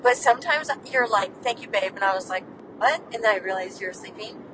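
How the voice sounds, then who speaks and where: A woman's voice: lively intonation, brisk, recorded from a distance. A woman podcast host chatting and teasing on a road trip, laughing often, recorded inside a moving car. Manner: giggly, teasing. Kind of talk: casual chat on a road trip. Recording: road noise, voice off-mic. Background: engine and road rumble.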